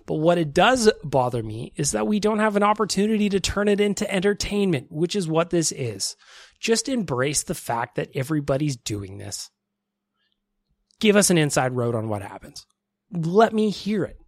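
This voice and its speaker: A male podcast host with a slightly high voice rants and jokes in a loose, self-mocking way. He is close on a dry-sounding mic. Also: moderate pace, dry recording. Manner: energetic, joking, self-mocking. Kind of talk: casual sports podcast rant and ad reads.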